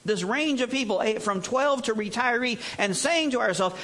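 A man preaching a sermon, telling stories in an animated way. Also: extremely high pitch, normal speed. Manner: animated storytelling, acts out voices.

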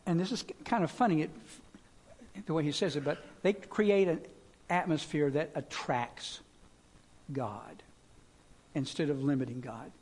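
A man's voice: fairly high pitch, unhurried, long pauses, a little mellow, breathy edge. A man preaching a sermon as pastor, talking in a conversational way with fillers and repeated words.

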